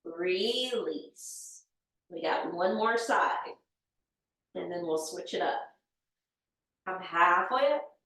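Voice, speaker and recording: A woman teaching a yoga class, calmly cueing poses and breaths step by step. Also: medium pitch. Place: yoga studio. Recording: echoey room, voice from far off mic.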